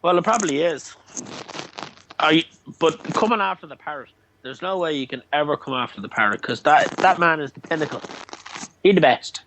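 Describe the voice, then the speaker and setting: A man's voice: a little high, expressive, normal speed, long pauses, a bit bright, a little hiss or hum, low-quality recording. A man chatting with lots of swearing and teasing on a late-night phone-in show. He stumbles over repeated words after a lot of beer. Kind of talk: casual banter over a call. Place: abroad, time zone ahead of the other host.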